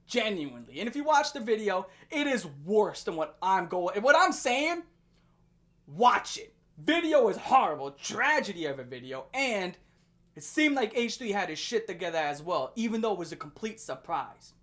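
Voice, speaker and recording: Lively young woman ranting. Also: mid-range voice, moderate pace. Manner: animated, profane, laughing often. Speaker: commentary channel host. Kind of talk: ranting commentary.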